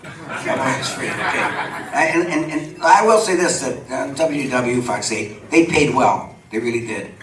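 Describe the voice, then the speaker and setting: Before a live audience on a supper club stage, an older man tells lively stories about his years in local television, acting out what others said and laughing often. His voice is medium-pitched and a little slow, picked up by a distant mic with roomy venue sound and background noise.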